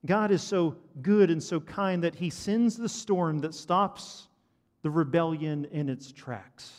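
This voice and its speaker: A man preaching a sermon to a congregation, animated and asking the listeners questions. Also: fairly high pitch, takes it slowly. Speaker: pastor. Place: church hall. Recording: long hall reverb.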